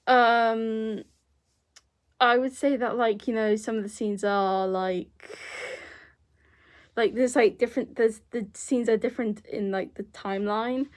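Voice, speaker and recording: Slow, rambling young woman vlogger. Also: a little high, fairly even intonation. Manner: rambling, many fillers and restarts, laughs often. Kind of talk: casual chat.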